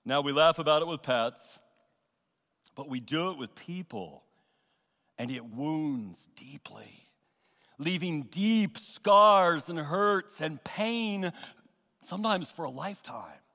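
A man preaching a sermon as pastor, earnest and emphatic, with pauses and repeated phrases. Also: on the high side, animated, pushed and bright, in a large hall. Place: church sanctuary.

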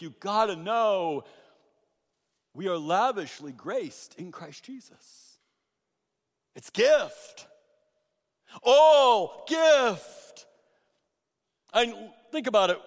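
High-voiced pastor preaching in a reverberant hall. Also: male voice, lively intonation, measured pace, pauses often. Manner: dramatic swings between loud emphatic bursts and hushed asides. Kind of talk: sermon. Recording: long reverb of a large hall.

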